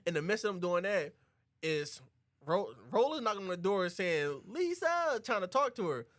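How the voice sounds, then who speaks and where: A man's voice: moderate pace, no echo, clean studio sound. A man co-hosting a podcast, casually recapping a film and acting out the characters' lines. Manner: animated, acts out characters' lines in a high voice. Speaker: podcast co-host.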